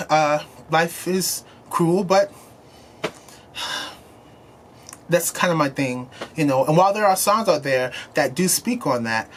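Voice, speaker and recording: A man's voice: fairly high pitch, a bit bright, a little hiss or hum. A young man hosting his own vlog, talking to camera in a chatty, earnest way with frequent fillers. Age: young adult. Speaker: host. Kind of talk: casual talk to camera.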